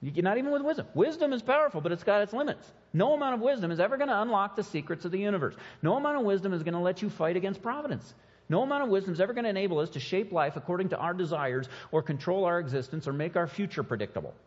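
A man preaching a sermon as pastor, animated and sometimes mocking as he acts out quotes. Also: high-pitched, rapid-fire, slightly rough, big-room sound, highs cut off.

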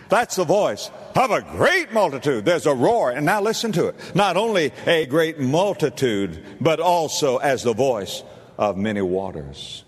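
Animated preacher man in a reverberant hall. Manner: animated preaching, swinging from low asides to high exclamations. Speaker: pastor. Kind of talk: sermon. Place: church sanctuary.

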